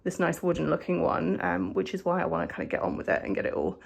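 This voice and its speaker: A woman's voice: lowish voice, big pitch swings, quick pace, gravelly. A young woman vlogging at home, chatting casually in a rambling, self-deprecating way. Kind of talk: casual vlog chat. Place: home, indoors.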